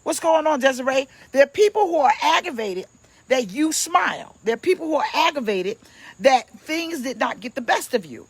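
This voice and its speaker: A woman's voice: sits high, expressive, normal speed. A woman pastor, preaching casually on a livestream from home, playful and chatty as she greets viewers by name.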